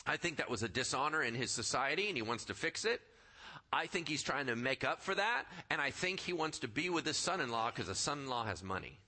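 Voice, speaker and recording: A man preaching a sermon in a conversational, animated way, acting out the people in the story. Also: medium pitch. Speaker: pastor.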